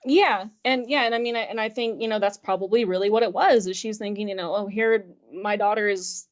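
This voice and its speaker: A woman's voice: a little high, fast talker, lo-fi sound. A woman guest telling a personal story in casual conversation, chatty and full of fillers, acting out the dialogue she recalls and laughing often. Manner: chatty, filler-heavy retelling that acts out quoted dialogue with frequent laughs. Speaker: interview guest.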